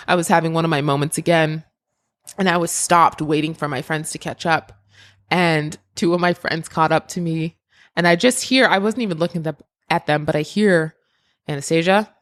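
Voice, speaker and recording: A woman hosting a podcast, telling a personal story in a casual, emotional way, with frequent laughs and restarts. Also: lowish voice. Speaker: podcast host.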